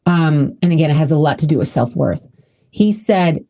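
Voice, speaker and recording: Chatty, mellow-voiced woman podcaster. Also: sits low, expressive, normal speed. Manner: chatty and emotional, with many restarts. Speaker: podcast host. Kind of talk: casual solo podcast talk.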